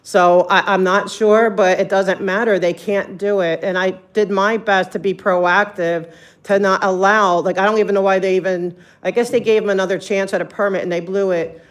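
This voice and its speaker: A person making a public comment at a meeting. The delivery rambles and hesitates, with frequent ums, in a flat, even tone. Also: medium pitch, normal speed.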